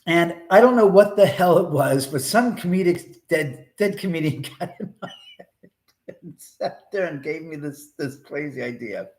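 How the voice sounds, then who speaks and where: A man's voice: fairly high pitch, animated, a little slow, a little mellow. A man hosting a live stream from his home, telling a rambling, profane story in a casual way. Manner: rambling, profane, restarts often. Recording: roomy echo.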